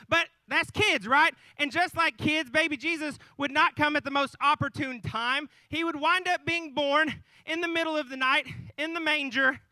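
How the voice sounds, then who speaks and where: A man's voice: very high voice, moderate pace, sharp tone, no echo, poor audio. A man in his thirties telling a folksy, joking nativity story to a live audience, with asides to the crowd. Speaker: storyteller on stage. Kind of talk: comic live retelling of the nativity.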